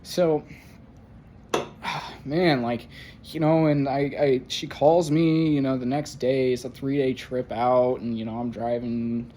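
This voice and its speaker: A young man rambles through a personal vlog monologue in a mid-range voice, stumbling over fillers and swearing freely. His talk breaks now and then into strained, higher outbursts. A faint hiss of background noise sits under the recording. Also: steady tone, warm tone. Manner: halting, full of fillers and profanity, rising to pained outbursts. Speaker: vlogger.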